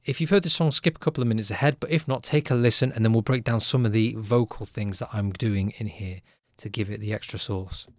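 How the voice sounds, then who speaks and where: A man who produces music gives a casual, upbeat tutorial in a chatty way, often tagging lines with a quick question. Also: on the low side, steady tone.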